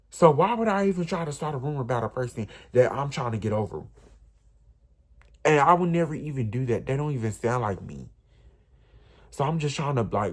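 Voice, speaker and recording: A young man, telling an emotional, rambling storytime straight to his viewers. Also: medium pitch. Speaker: vlogger. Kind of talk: storytime vlog.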